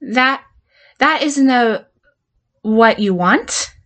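A woman's voice: a little high, lively intonation, drawn-out words, fairly bright tone, exaggerated voice. A woman playing a volatile patient who blackmails her therapist, stammering and swearing as she swings between threats and pleading in an audio drama monologue. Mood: panicked, pleading.

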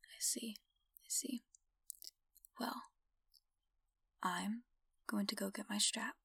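A woman performs a whispered role-play in a slow, breathy hush. She sounds commanding one moment and softly confiding the next. The mic sits a little away from her in a dry, dead room. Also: medium pitch, fairly even intonation, dry recording, far from the mic. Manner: soft, tender, hesitant confiding.

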